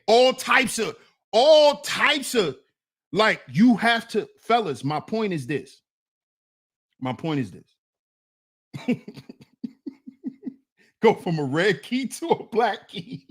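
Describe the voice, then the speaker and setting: Animated laughing man talking to the fellas. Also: high-pitched, slow pace, long pauses. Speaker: online commentator reacting to clips. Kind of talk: casual reaction commentary.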